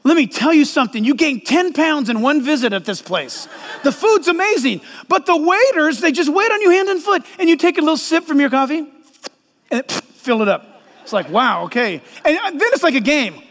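Pastor, middle-aged man, high voice, animated joking sermon delivery, big reverberant church hall. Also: normal speed.

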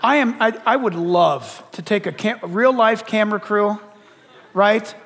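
Animated high-voiced pastor in a reverberant hall. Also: male voice, measured pace. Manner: animated, joking, acts out quoted voices. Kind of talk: lively sermon. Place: church auditorium.

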